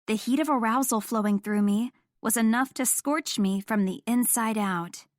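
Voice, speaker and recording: Young woman, romance audiobook narrator, slightly high, dry close mic. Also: moderate pace, no echo. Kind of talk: first-person romance narration.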